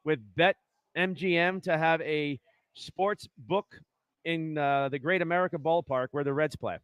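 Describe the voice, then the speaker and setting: Sports podcast host, male, high voice, dry close sound, rambling and excitable. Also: no echo. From Arizona. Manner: excitable, rambling, says "right?" often. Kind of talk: casual sports chat.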